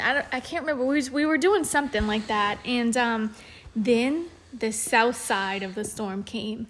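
A woman's voice: fairly high pitch, moderate pace, fairly bright tone, slight background noise. A woman co-hosting a podcast, telling a story in casual chat with plenty of fillers and restarts. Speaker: podcast co-host.

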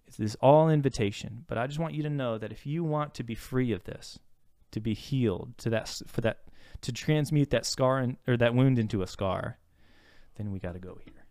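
Male therapist on a podcast mic, mid-pitched and smooth, dry close sound; thoughtful, circles back and restarts mid-thought. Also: moderate pace, a little mellow, dry recording. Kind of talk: casual podcast conversation.

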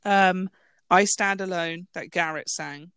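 A woman co-hosting a casual film review chat, giggly and full of quick asides. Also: on the low side, fairly even intonation, fairly bright tone, clean tone, dry recording, studio quality. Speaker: podcast co-host.

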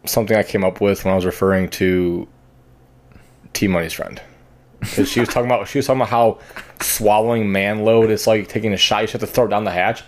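A man's voice: lowish voice, fairly even intonation, fast talker. A man hosting a podcast, chatting crudely, swearing and laughing often. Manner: laughs often, swears, trails off mid-sentence. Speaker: podcast host. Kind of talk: crude casual chat.

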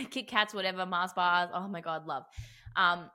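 Bright-voiced blunt woman podcast host. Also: on the low side, a little slow. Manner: emphatic, blunt, swears casually. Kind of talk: casual chat.

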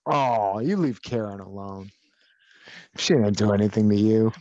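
A man's voice: on the low side, a little slow, dark tone, dry recording. Opinionated guy swearing through a podcast chat, dry close sound, kinda muffled. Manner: profane, opinionated, rambling. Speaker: podcast co-host. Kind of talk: casual podcast banter.

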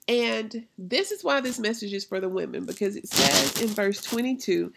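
This podcast host's voice is a little high and creaky, animated at a moderate pace with hardly any pauses, against a noisy background. She preaches conversationally about faith, frequently asking "right?"

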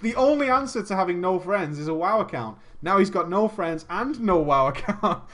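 A man's voice: sits high, animated, normal speed, a bit bright. A man reading a gaming story aloud and riffing on it with comic commentary, laughing often and swearing freely.

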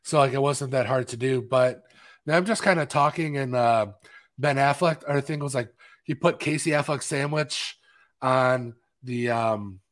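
A man's voice: mid-range voice, moderate pace, a bit bright. A man co-hosting a live film podcast in a casual, rambling chat full of fillers. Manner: rambling, chatty, with many fillers. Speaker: podcast co-host.

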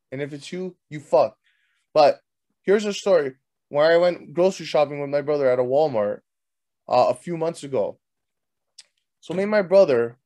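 A man's voice: fairly high pitch, a little mellow. A young man hosting, telling a story as a crude, heated comic rant full of swearing. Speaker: host. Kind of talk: profane comedic rant.

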